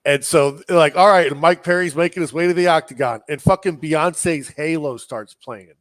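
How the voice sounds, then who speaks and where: A man's voice: fairly high pitch, normal speed, no room sound, studio quality. A man co-hosting a podcast, telling a story in casual chat, swearing often and acting out what people said. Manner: animated storyteller, swears a lot, acts out quotes. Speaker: podcast co-host.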